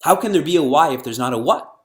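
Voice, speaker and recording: Middle-aged guy giving a scripture talk, voice jumps all over, keeps throwing questions at the crowd. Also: a little high. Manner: animated, fires rhetorical questions, chants verses slowly. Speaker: spiritual teacher. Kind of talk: scripture lecture to an audience.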